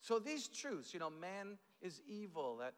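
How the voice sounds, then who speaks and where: A man preaching a sermon as pastor, telling stories in an animated way with lots of fillers and restarts. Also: sits high, unhurried, long reverb tail. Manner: animated storytelling with fillers and repeated starts.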